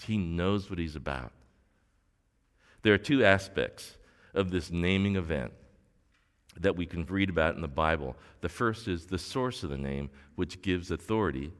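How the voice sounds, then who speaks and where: An older man preaching a sermon as pastor, telling stories in a relaxed conversational way with fillers and restarts. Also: deep voice. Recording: long hall reverb.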